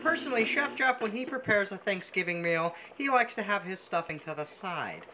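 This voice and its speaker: A man's voice: high-pitched, big pitch swings, normal speed, pushed and bright. A man hosting a mock cooking show, gushing pompously over every dish as he works in a home kitchen. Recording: noisy kitchen sound.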